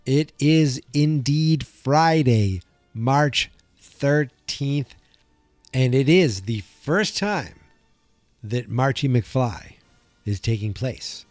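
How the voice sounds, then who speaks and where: A man's voice: mid-range voice, expressive, slow pace, a little mellow, dry recording, faint music behind. A man hosting a solo podcast in a casual, rambling way, often cutting himself off and restarting with jokes. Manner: rambling, self-interrupting, jokey. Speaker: podcast host.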